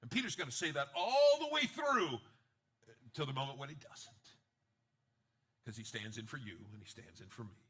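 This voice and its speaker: A man pastor preaching a sermon with an animated style, acting out quotes and joking with the congregation, swinging between quiet asides and loud bursts. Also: mid-range voice, moderate pace, pauses often.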